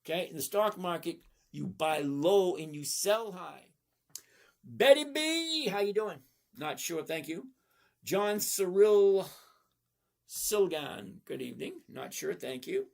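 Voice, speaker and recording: A man's voice: fairly high pitch, lively intonation, a little slow, vocal fry. A middle-aged man hosting a live stream, answering viewer chat in a blunt, folksy, casual way. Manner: blunt, folksy, often asks okay?. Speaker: livestream host answering viewer chat about trading.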